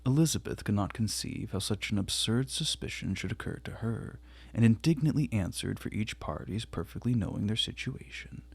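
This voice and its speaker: A man reads a classic novel aloud at a measured, quiet pace. His voice sits low, with a gravelly fry and a husky, breathy texture. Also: lively intonation. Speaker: audiobook reader.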